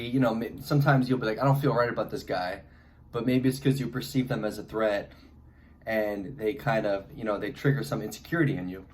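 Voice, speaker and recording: A man's voice: medium pitch, slight background noise. A young man with a congested head cold, talking casually to camera and rambling with lots of fillers and restarts. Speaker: vlogger. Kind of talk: casual advice monologue.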